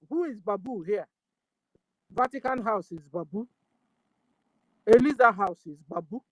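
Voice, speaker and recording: A woman's voice: medium pitch, lively intonation, measured pace, pauses often, dry recording, low-quality recording. A Nigerian woman speaking with preacher-like fervor. She fires off rhetorical questions and repeats her calls again and again, slipping into Igbo lines. Her voice sits mid-range and sounds dry and close, with no room around it. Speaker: guest speaker. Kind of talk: impassioned call-in discussion.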